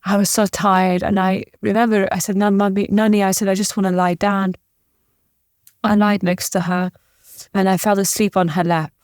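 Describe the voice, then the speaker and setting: A woman from the former Yugoslavia, a guest in an interview, telling a personal story in a halting, emotional way with restarts. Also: medium pitch, flat delivery, dry recording, clean studio sound. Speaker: podcast guest.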